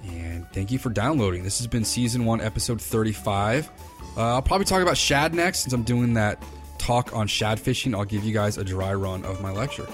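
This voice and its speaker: A man's voice: fairly low pitch, a little fast, faint music behind. A man hosting his own podcast, telling rambling, enthusiastic stories in casual chat. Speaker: podcast host, fly fishing consultant. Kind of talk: casual solo podcast talk. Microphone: computer recording.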